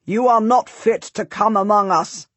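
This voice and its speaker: A haughty nobleman, read by a woman narrator, snaps curt orders and scorn. The voice is breathy, dry and close. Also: medium pitch, normal speed, no room sound, pitched above the performer's own voice, close to an everyday voice. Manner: curt, snapping. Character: older nobleman, haughty earl. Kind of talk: audiobook narration.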